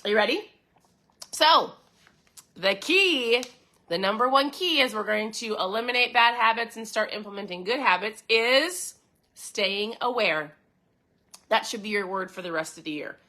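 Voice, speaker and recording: Woman podcast host, bright and forceful voice, fairly high, chatty and enthusiastic, talks straight to listeners. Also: expressive, normal speed. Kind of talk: casual motivational talk reading from a book.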